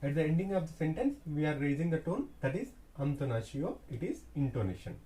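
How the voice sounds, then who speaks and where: A man teaching French in a slow classroom explanation, repeating key words deliberately. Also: a little high, expressive, mellow.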